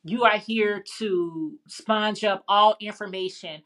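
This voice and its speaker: A woman's voice: mid-range voice, slow pace, a bit bright. A woman from Chicago hosting a casual live stream, chatting with viewers, reading their comments aloud and laughing often. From Chicago, United States. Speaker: livestream host.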